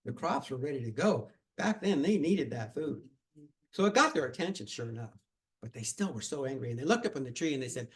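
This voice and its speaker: A man telling a tall tale at a live storytelling contest, speaking in an animated, dramatic way. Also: mid-range voice, a little fast, poor audio.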